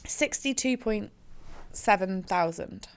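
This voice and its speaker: A woman's voice: mid-range voice, animated, takes it slowly, vocal fry. A woman with a West Country accent, co-hosting a casual podcast chat, reading out facts with laughs and swearing. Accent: West Country English. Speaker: podcast co-host.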